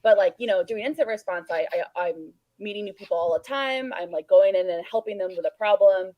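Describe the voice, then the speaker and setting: A woman on a panel speaking in a halting way, with frequent fillers. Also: mid-range voice, no echo, lo-fi sound. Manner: halting, many fillers and restarts. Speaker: incident responder on a panel. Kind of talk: panel discussion.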